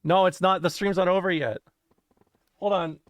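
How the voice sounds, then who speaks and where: A woman's voice: lowish voice, fairly even intonation, moderate pace, dry recording, clean studio sound. Rambling, swearing woman streamer. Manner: rambling, swears, self-interrupting, laughs often. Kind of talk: casual livestream chat.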